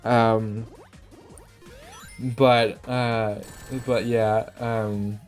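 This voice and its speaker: A man's voice: on the low side, level tone, extremely slow. Young man, casual storytelling, laughs a lot, repeats words, faint music behind. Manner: rambling, laughs often, stumbles and repeats words. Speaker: vlogger.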